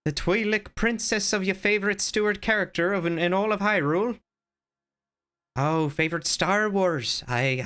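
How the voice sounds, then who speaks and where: Bright, clear-voiced male streamer. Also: high voice. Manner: playful, rambling, answers chat with teasing. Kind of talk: casual live-stream chat.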